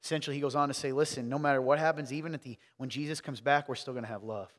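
A man from the South, preaching a sermon and quizzing his congregation, swinging between loud emphasis and hushed asides. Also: medium pitch, racing, long reverb tail. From American South. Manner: energetic, questioning the crowd, wide swings from loud to hushed. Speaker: pastor. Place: church sanctuary.

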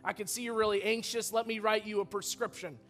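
A brisk, matter-of-fact doctor in a parable, talking quickly and a little dismissively, voiced by a preacher in a high voice. Faint music plays softly behind. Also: male voice, steady tone.

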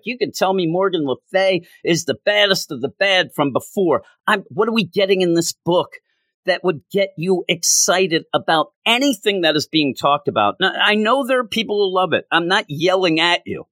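A man's voice: a bit bright, no room sound. Male comic reviewer, casual rant, sarcastic mimicry, dry close sound. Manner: exasperated, pitch jumping high in frustration; mocking mimicry of characters.

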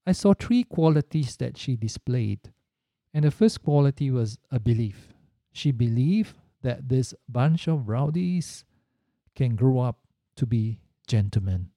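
A man's voice: medium pitch, mellow, dry recording, clean studio sound. A middle-aged man giving an earnest, reflective storytelling talk, repeating points for emphasis. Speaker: speaker.

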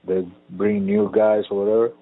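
A man's voice: lowish voice, flat delivery, normal speed. A man co-hosting a casual chat, a rambling and profane storyteller. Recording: phone-like lo-fi line.

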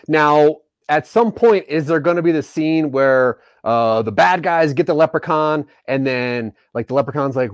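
A man casually leading a creative story brainstorm, talking in an animated way and often jumping into quick acted bits. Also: medium pitch, no room sound, studio quality.

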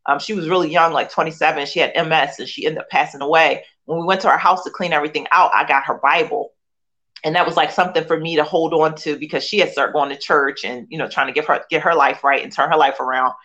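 A woman's voice: low-pitched, fairly even intonation, fast, fairly bright tone. Earnest woman telling her testimony, lo-fi. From Philadelphia, USA. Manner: earnest, emotional storytelling with frequent you-knows and restarts. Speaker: author and guest. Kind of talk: personal testimony in conversation.

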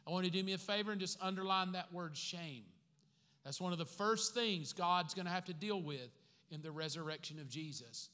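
A pastor preaching a sermon to his congregation, dropping joking asides between slow, emphatic, repeated points. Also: high voice, bright, forceful tone. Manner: slow emphatic repetition of key phrases. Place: church sanctuary with congregation. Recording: long reverb from a large church hall.

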